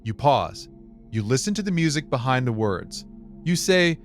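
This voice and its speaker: Man narrating with a lively, expressive lilt. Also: mid-range voice, moderate pace, soft background music. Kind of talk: scripted self-help narration.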